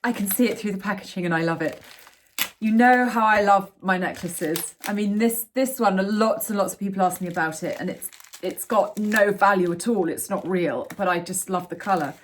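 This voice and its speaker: A woman's voice: medium pitch, normal speed, a little hiss or hum. Gushing woman vlogger. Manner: gushing and excitable, drops into soft whispers. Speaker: lifestyle vlogger. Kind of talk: casual chat to camera. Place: home indoors.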